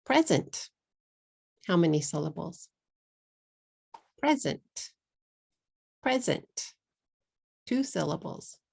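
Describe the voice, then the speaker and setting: A woman with a Texas accent leads a pronunciation lesson, drawing out each model word and repeating it for learners. Her voice sits low with a gravelly edge, and she takes her time. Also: big pitch swings, darkish tone. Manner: slow, drawn-out model words, repeated for learners. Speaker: English teacher.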